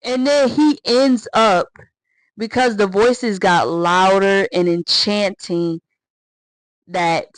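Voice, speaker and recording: A woman chatting through a story time vlog in a slangy, excitable way. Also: mid-range voice, no room sound, rough recording.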